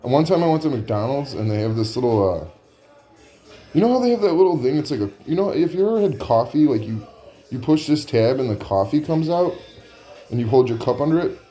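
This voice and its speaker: A man's voice: medium pitch, warm tone. A man telling a comic story in a rambling, profane way, full of "like" fillers.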